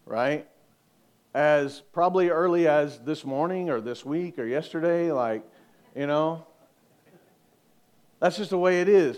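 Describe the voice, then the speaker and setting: A man's voice: a little high, unhurried, pauses often, darkish tone, clear, resonant tone. A middle-aged male pastor preaching a conversational sermon, joking and asking the congregation questions.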